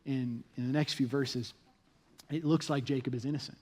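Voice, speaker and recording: A young adult man preaching a sermon at a church, telling the story with animated delivery and acting out the people's voices. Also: mid-range voice, moderate pace. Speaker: pastor. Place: church stage.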